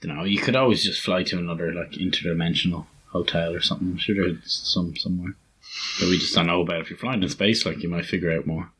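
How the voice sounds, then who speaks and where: A man's voice: sits low, fairly even intonation, quick pace, a bit bright, slightly rough. A man co-hosting a casual podcast, laid-back and rambling, ending lines with "like". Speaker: podcast co-host. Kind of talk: casual chat.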